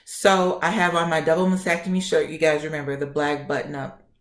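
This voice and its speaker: A young woman vlogger telling a story in a sassy, animated way and acting out the people in it. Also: sits low, fairly quick, echoey room. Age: young adult. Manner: sassy, acts out quoted voices.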